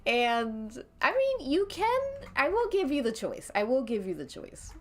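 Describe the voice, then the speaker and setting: A woman's voice: high voice, very animated, unhurried. A woman streamer narrating an interactive story in a casual, rambling way, laughing often between lines.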